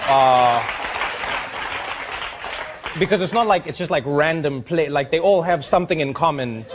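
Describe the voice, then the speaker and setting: Animated man doing stand-up. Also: fairly high pitch, unhurried, crowd noise, noisy background. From South Africa. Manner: animated, acts out both sides of imagined calls in raised voices. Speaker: stand-up comedian. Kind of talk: stand-up comedy set. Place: comedy stage with a live audience.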